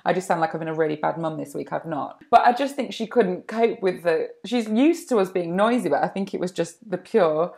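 A woman's voice: on the low side, expressive, brisk, creaky, few pauses, darkish tone. A woman co-hosting a podcast, telling stories in a chatty, self-deprecating way. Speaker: podcast co-host. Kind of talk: casual chat. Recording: muffled remote line.

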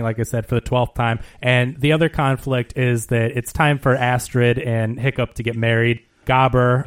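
A man hosts a relaxed film podcast. He walks through a story in a loose, chatty way and often breaks into a laugh. His voice sits at an ordinary middle pitch. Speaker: podcast host. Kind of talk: casual film podcast chat.

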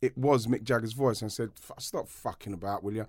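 This fast-talking former footballer, now a middle-aged podcast co-host, tells a drawn-out story in relaxed chat, full of restarts and laughter. His fairly low voice has a darkish tone, and the recording has no echo.

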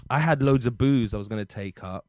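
A man's voice: mid-range voice, a little fast, a little mellow, dry recording. A man hosting a comedy podcast in a studio, teasing his co-host and joking. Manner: joking, teasing, mock-outraged. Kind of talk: casual comedic chat.

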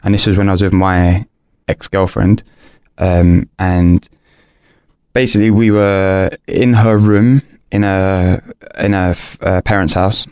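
A man's voice: sits low, steady tone, a little slow, a little mellow, clear, resonant tone, no echo, clean studio sound. A young man, a podcast guest, candidly telling a personal story in an earnest, rambling way, full of restarts and fillers.

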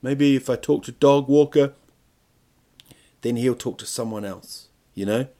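Guy rambling solo on his podcast, middle pitch, crude jokes, keeps restarting, asks lots of rhetorical questions. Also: unhurried, warm tone. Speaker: podcast host. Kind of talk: comic monologue.

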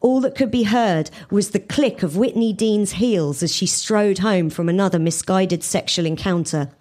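A woman comedian reads her own comic fan fiction to a live audience, in an animated, giggly way. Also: mid-range voice, normal speed.

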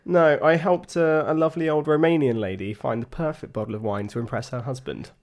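A man's voice: a little high, fairly even intonation, brisk. Dry young man telling a story. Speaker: podcast co-host. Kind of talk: casual chat.

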